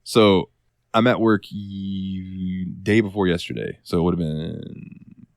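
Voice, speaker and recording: A man with a lowish voice chats casually on a podcast, recounting a work grievance with a storyteller's swagger. He curses freely and slips into the voices of the people he's quoting. The sound is close and dry. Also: slow, vocal fry, no room sound. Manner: storytelling with swearing, acts out quotes. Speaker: podcast co-host. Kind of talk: casual chat.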